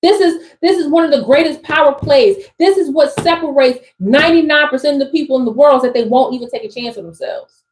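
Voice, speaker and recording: A woman's voice: sits high, fairly quick, slight background noise, rough recording. A woman with an East Coast accent, reading tarot cards live in an emphatic, slangy way that repeats phrases. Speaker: spiritual coach reading tarot for a live audience.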